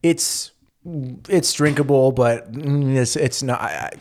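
A man's voice: mid-range voice, slow. A man co-hosting a casual podcast, chatting loosely and often repeating words as he restarts. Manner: rambling, repeats words, relaxed. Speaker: podcast co-host. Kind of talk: casual chat.

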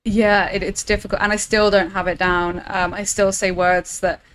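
A woman's voice: medium pitch, little pitch movement, normal speed, a bit bright, poor audio. Laughing English woman, faint hiss. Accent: Southern English. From England. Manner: laughs often, trails off mid-sentence. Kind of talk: casual chat.

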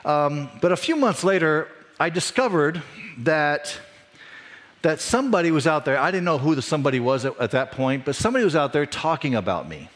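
A man's voice: big pitch swings, a little fast, fairly bright tone. Conversational male pastor preaching. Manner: conversational preaching, voice rising with emphasis and dropping low for reflection. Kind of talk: sermon.

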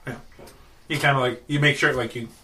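A man's voice: mid-range voice, fairly even intonation, a little fast, background noise. A man narrating as game master, loose and hesitant, full of filler words.

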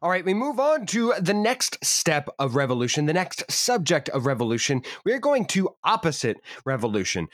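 A man chatting on a podcast, his pitch leaping up and down as he riffs through half-serious rants. He tosses out mock-grand proclamations between rambling asides. The sound is dry and close, with no room in it. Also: no echo. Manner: animated, jokey, rambling with mock-grand declarations. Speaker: podcast co-host. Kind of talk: casual comedic podcast chat.

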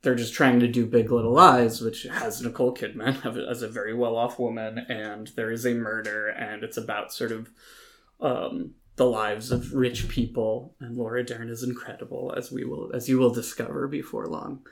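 A man co-hosting a casual podcast, giving animated, opinionated reviews with frequent ums and restarts. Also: mid-range voice, normal speed, creaky. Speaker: podcast co-host reviewing films and TV. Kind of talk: casual chat.

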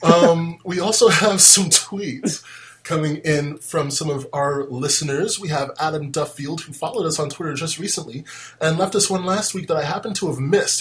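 A man's voice: on the high side, normal speed, a bit bright. A man from the United States hosting a casual podcast and reading out listener messages. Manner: easygoing, reads listener messages aloud. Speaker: podcast host.

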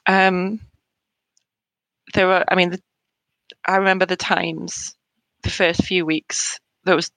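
A woman in her thirties, a bereaved mother in an interview, talking in a hesitant, halting way with soft laughs between thoughts. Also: on the low side, flat delivery, no echo, rough recording. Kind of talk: emotional personal conversation.

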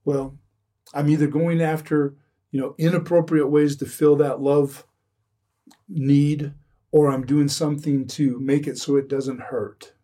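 An earnest man talks with a mellow, slightly husky voice, circling back and restarting his sentences as he makes his point. He sits a bit back from the microphone, so the sound is a little distant. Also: a little high, level tone, a little slow. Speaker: addiction recovery speaker. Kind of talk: earnest podcast conversation.

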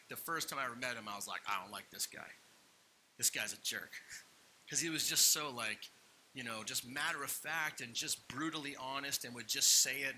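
A young adult man telling a personal story as a sermon, acting out what people said in lively asides. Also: mid-range voice, a little hiss or hum, rough recording. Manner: animated personal storytelling, acts out quotes. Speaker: pastor.

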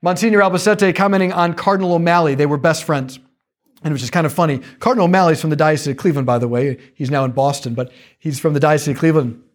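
Man, lively faith talk, slightly higher voice, casual jokes. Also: fast talker. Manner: animated, conversational, jokey asides.

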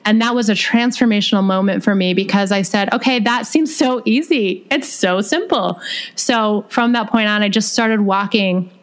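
Female author guest, animated storyteller, quick laughs, mid-pitched voice. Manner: animated, laughs often, acts out quoted dialogue. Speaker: podcast guest, author and speaker. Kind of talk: casual interview storytelling.

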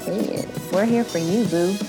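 A woman's voice: fairly low pitch, a little slow, over music. A woman co-hosting a film podcast, chatting playfully and wrapping up the episode. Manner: playful, chatty, wraps up the show. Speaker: podcast co-host. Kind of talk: casual film podcast chat.

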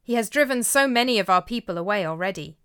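A woman's voice: medium pitch, expressive, quick pace, fairly bright tone, clean tone, lightly acted. A woman voicing a careful, worried male farmer in a storybook tale. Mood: wary. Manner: careful, anxious.

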